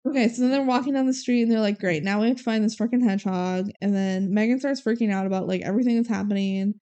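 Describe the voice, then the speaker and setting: A woman's voice: mid-range voice, dark tone, clean tone. A woman co-hosting a podcast, casually recapping a movie and acting out characters' lines as she goes. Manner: retells scenes with quick quoted voices and laughs. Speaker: podcast co-host.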